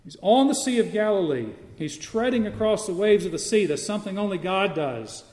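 A man preaching in a large, echoey hall, his voice a little high and mellow. He teaches as he goes and turns to the congregation with questions. The sound rings off the walls with a long reverb. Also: animated, fairly quick. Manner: teaching, asks the listeners questions. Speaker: pastor. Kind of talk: sermon.

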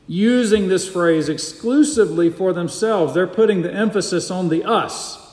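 A man's voice: sits high, moderate pace, hardly any pauses, darkish tone. A man preaching a sermon as a pastor, emphatic and repeating his key phrases for weight. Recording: echoey hall.

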